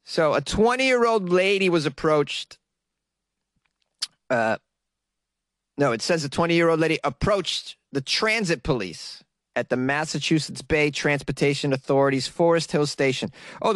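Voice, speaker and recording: A man's voice: a little high, lively intonation, moderate pace, a bit bright, no echo. A man from Boston hosting a comedy news segment, teasing and sarcastic and laughing often. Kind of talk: mocking comic commentary on weird news.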